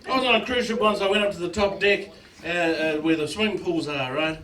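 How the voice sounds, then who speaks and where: A man with a New Zealand accent doing live stand-up comedy, loud and animated, breaking into shouted bits. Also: high voice, fairly quick. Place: small live event venue with audience. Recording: echoey room, far from mic, loud crowd.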